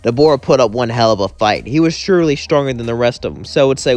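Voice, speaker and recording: A man's voice: mid-range voice, lively intonation, quick pace, a little mellow. A man narrating a fan-fiction story in a casual, conversational way. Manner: conversational, plain. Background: faint music.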